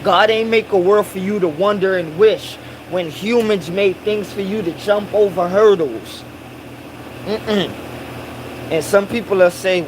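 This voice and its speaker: A man's voice: high voice, noisy background. A man in a casual monologue who preaches and repeats his points for emphasis, using Rasta slang and Caribbean English grammar.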